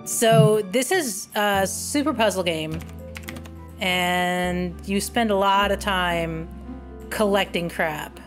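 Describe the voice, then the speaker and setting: A woman's voice: medium pitch, takes it slowly, soft background music. A woman streaming a game, thinking aloud in casual chat over a desk mic. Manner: thinks aloud while playing.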